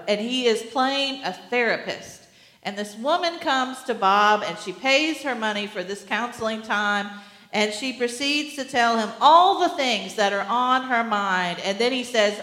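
A woman pastor preaching a sermon in an earnest way, with gentle humor. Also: on the high side, roomy sound, long reverb tail.

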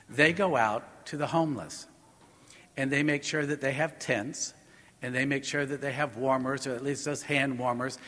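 A man's voice: mid-range voice, a bit bright. Man preaching in a reverberant church. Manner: storytelling, conversational preaching. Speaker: priest. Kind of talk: sermon.

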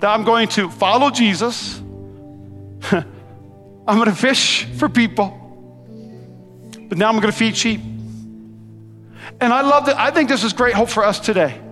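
A man preaching in a very high, bright and forceful voice, swinging between excited peaks and quieter lows as he acts out the story. His sermon rings through a large church hall with a long reverb, and faint music plays underneath. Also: measured pace, long pauses. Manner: animated, acts out quotes in character voices. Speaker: pastor.

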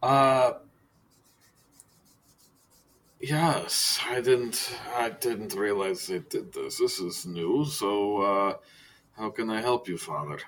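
A man's voice: fairly low pitch, takes it slowly. A man voicing a frightened male scout held captive in a tabletop game, speaking nervously and pleadingly. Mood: fearful. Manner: nervous, pleading, sometimes hushed.

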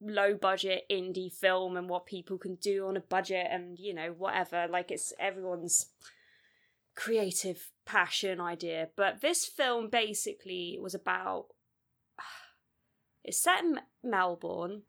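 This podcast co-host has a lowish, fairly bright voice and a measured pace. She talks about films bluntly and animatedly in a casual review chat, with lots of filler words.

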